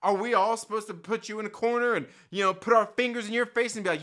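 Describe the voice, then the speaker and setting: Man, high voice, bright and forceful, profane heated rant, swears constantly, channel host. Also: animated, brisk, few pauses. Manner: heated, swears constantly, mocks others in put-on quotes. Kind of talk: profane unscripted rant to camera.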